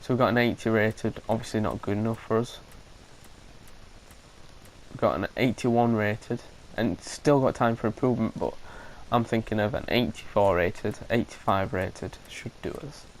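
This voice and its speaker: A man's voice: lowish voice, moderate pace, a little hiss or hum, low-quality recording. A man, thinking aloud as he commentates his gameplay, hesitant and full of restarts, with an occasional cough. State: coughing now and then. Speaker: gaming commentator.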